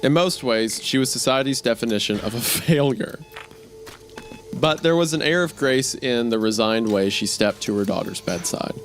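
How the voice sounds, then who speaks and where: Podcast host, man, steady story reader with chatty asides, soft music behind. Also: medium pitch, normal speed. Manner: reads steadily, breaks off laughing into chatty comments. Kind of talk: story reading with casual asides.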